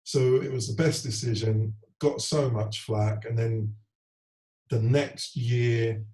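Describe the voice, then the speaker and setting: A former footballer in his forties speaks slowly in a mid-range voice over poor audio. Candid in an interview, he earnestly retells events with animation, often acting out what other people said.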